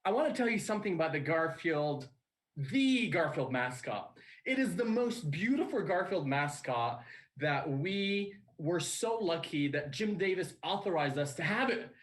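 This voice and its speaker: A man addressing fans in a promotional video, rambling and excitable, stumbling over fillers and restarts. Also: on the high side, moderate pace. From Canada. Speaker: restaurant founder in a played video.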